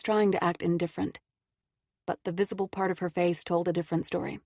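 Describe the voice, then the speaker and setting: A woman narrating an audiobook in a calm, measured first-person telling. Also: lowish voice, no echo, clean studio sound.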